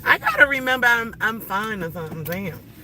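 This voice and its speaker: A woman's voice: on the high side, very animated, a little fast, sharp tone, slight background noise. A woman live-streaming casual chat, telling stories to viewers in a loose, profane way from inside a car. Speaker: livestream host.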